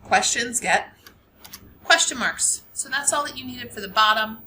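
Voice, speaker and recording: A woman's voice: on the high side, moderate pace, sharp tone, a little hiss or hum, rough recording. A woman teacher giving a grammar lesson, explaining patiently step by step and repeating the key points.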